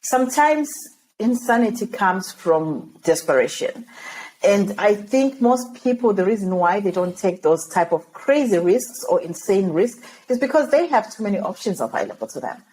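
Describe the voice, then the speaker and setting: Woman from zimbabwe chatting on a podcast, animated, acts out the dialogue, slight hiss. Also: medium pitch, moderate pace, rough recording. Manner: lively, laughs often, acts out dialogue. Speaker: podcast guest. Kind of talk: personal storytelling in conversation.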